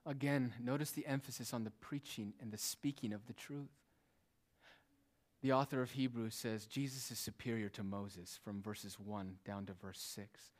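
A man with a lowish, fairly even voice preaches a sermon at a moderate pace. He explains the text emphatically, asking rhetorical questions, adding casual asides, and shifting between loud and hushed delivery.

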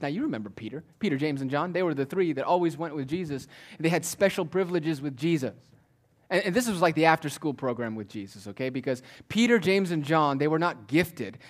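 Man preaching with sudden loud and hushed turns. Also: a little high. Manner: swings from loud declaring to hushed near-whispers. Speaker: pastor. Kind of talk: sermon.

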